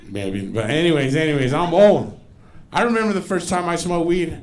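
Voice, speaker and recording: A man in his forties doing a profane stand-up comedy set on a club stage, telling loose stories and putting on loud, exaggerated voices. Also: on the high side, normal speed. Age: 40s.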